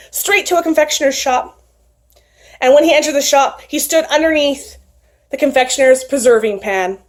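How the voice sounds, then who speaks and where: A woman retelling a folktale aloud in an expressive, animated storytelling manner. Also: high-pitched, moderate pace.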